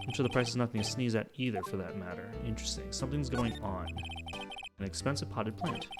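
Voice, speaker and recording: A man's voice: mid-range voice, fast talker, over loud music, close to an everyday voice. A man voicing an earnest, puzzled young male defense attorney in a wry reading voice.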